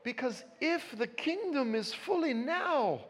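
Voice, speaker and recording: A man's voice: very high-pitched, expressive, takes it slowly, fairly bright tone, voice pushed up, full character voice. A man voicing a sweet little white-haired old woman in a quoted anecdote, chirpy and blunt. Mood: cheerful.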